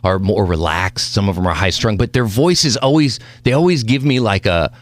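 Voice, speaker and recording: A man's voice: fairly low pitch, moderate pace, no echo. A man in his forties from Mexico, hosting a casual podcast chat and slipping into voices and impressions as he tells stories. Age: 40s. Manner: animated, does voices and impressions when telling stories. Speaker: podcast host.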